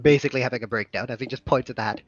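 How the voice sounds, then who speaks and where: A man's voice: mid-range voice, racing, muffled recording. A man running a tabletop game as game master, narrating and calling for checks in a casual, offhand way.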